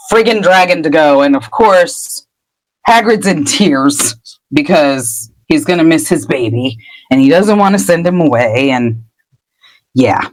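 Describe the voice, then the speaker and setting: A woman's voice: on the low side, low-quality recording. A woman podcast host casually recapping a book chapter, laughing and popping into character voices. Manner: animated, laughing storyteller.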